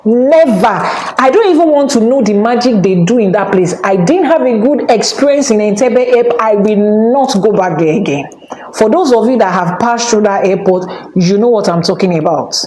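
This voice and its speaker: A Nigerian woman telling personal stories in an animated way, changing her voice when she quotes other people. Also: medium pitch. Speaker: spiritual teacher and channel host. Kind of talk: personal storytelling talk. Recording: echoey room with faint background noise.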